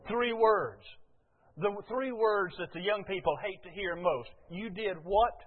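An older man, preaching a folksy, storytelling sermon to his church with many short pauses and fillers. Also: sits high, expressive. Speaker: pastor. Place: church sanctuary. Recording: phone-like sound with long hall reverb.

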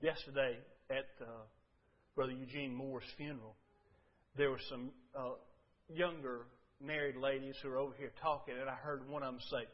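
An older male preacher, delivering a sermon that moves between loud, fervent pleas and quiet, low confiding talk. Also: fairly even intonation, normal speed. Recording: dull lo-fi recording.

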